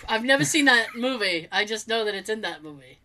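A woman co-hosting a casual chat with loud laughter and animated reactions. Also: fairly high pitch, normal speed. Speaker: podcast co-host.

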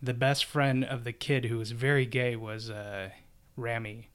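A man in a casual chat, halting and repeating words as he recalls things. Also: medium pitch, little pitch movement, a bit bright, clean tone.

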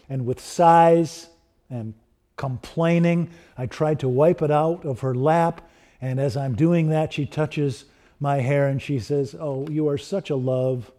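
An aging, grieving widower confessing old regrets in a rueful, mellow voice, as a preacher reads him. He is slightly higher pitched than most men and talks in a plain, unforced way. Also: natural voice.

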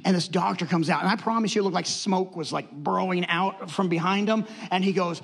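A man with a high voice tells a story from the pulpit, animated and quick to act out what others said. His words ring with a long reverb in a large hall. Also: gravelly, slightly rough. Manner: animated storytelling, acts out quotes. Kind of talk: sermon with personal story.

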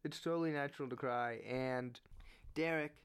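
A man giving earnest, animated opinion commentary on sports, rising in pitch when he presses his point. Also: moderate pace, smooth.

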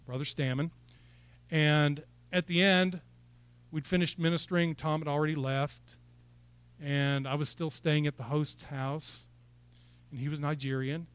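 A man's voice: on the high side, clear, resonant tone, dry recording. A man preaching a sermon in church, building to fired-up exhortation and asking the congregation questions. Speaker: pastor.

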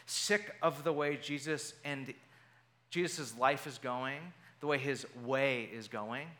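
A man preaching a sermon, retelling a scripture passage with animated storytelling and briefly acting out the voices of the people in it. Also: mid-range voice. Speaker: pastor.

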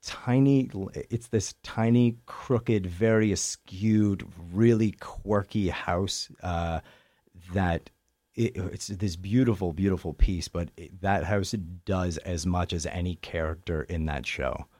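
A man with a Canadian accent, a stage actor chatting in an interview with animated, self-deprecating humor. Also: low voice, slow pace, no echo, studio quality. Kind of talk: interview chat.

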